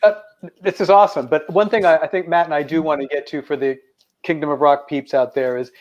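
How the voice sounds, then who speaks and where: A man co-hosting a podcast who asks an enthusiastic, halting question in a casual interview. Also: on the high side, steady tone, muffled recording. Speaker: podcast co-host.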